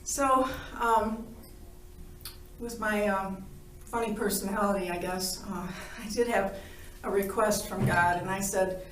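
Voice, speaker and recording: A woman's voice: medium pitch, takes it slowly. A woman telling her near-death story in a playful way, laughing often and acting out the conversations. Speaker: near-death experience witness. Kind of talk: animated personal storytelling. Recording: roomy, from a distance.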